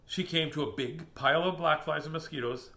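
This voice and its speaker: A man reading a children's picture book aloud, animated and chuckling at the pictures. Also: a little high, brisk. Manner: animated, chuckling asides to the listener.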